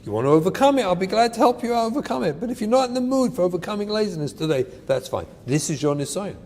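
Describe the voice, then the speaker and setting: A man delivers an earnest, emphatic inspirational talk on parenting, mixing in Hebrew terms. His voice sits high and swings widely in pitch. The sound carries a long hall reverb with faint noise underneath. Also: very animated, fast talker, darkish tone. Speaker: parenting speaker.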